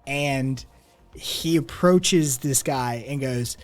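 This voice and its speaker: A man narrating a tabletop game as game master, describing scenes in an unhurried, descriptive way with fillers. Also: medium pitch, a little mellow, faint music behind.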